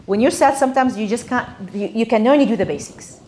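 Australian woman, religious teacher, conversational talk with audience questions; slightly high voice, faint noise. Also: fast, dark tone. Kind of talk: sermon to women's gathering.

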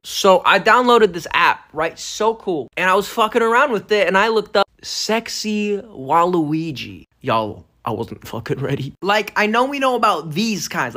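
A man's voice: sits high, pushed and bright. A man talking casually and sassily to a phone camera, ranting in short comic bits. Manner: casual, sassy, rants.

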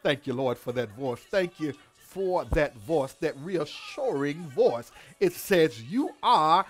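A man's voice: on the high side, lively intonation, takes it slowly. A man pastor delivering a devotional sermon, repeating words and calling out hallelujahs in a preacher's cadence.

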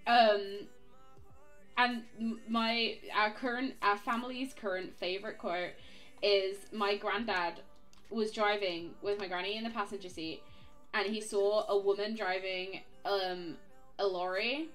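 A woman chatting casually on a live stream while gaming, telling animated stories with lots of laughter. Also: medium pitch, unhurried, soft background music. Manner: animated, giggly, swearing storyteller.

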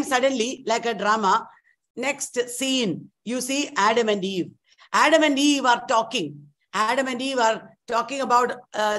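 A woman lecturer teaching an online literature class, retelling a story in an animated way and repeating key points. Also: on the high side.

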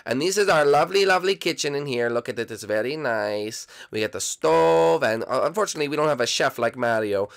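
A man's voice: mid-range voice, lively intonation, brisk, vocal fry, hardly any pauses. A man voicing a cheerful cartoon plumber giving a house tour, casual and rambling with lots of fillers. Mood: upbeat. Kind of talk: Minecraft fan role-play video.

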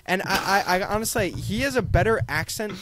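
A man's voice: high voice, lively intonation, fairly quick, a bit bright, no room sound. A tired man chatting casually as a podcast co-host, rambling with lots of fillers and restarts. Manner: rambling, self-deprecating, many fillers. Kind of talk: casual chat.

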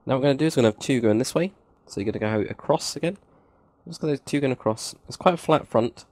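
Gravelly man counting blocks. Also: medium pitch, racing, darkish tone, no echo, clean studio sound. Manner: counts blocks aloud, chatty asides, self-mocking. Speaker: game tutorial host. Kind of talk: casual screen-recorded building tutorial.

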